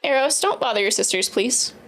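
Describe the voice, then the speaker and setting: A woman in her thirties chatting casually on a live stream as she works, often turning to coo at her dogs in a higher, sing-song voice. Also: fairly quick, noisy background. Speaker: livestreamer building a keyboard.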